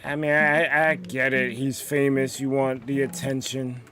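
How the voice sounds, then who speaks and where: A man's voice: mid-range voice, flat delivery, measured pace, pushed and bright, faint music behind. A man streaming a game, chatting casually with many fillers and restarts. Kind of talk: casual gaming stream chat.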